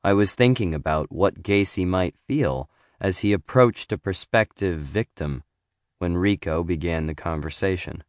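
A man reading a first-person memoir in a measured, reflective and wry way. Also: low-pitched, no echo, studio quality. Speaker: narrator.

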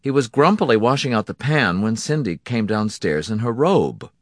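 A man narrating a story in a measured, dry storytelling manner. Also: medium pitch, animated, no echo. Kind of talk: audiobook narration. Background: music.

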